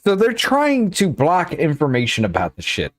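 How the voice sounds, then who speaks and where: A man's voice: fairly high pitch, huge pitch swings, normal speed. A man co-hosting a podcast over a voice call, talking casually and bluntly with frequent swearing. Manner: blunt and profane. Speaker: podcast co-host.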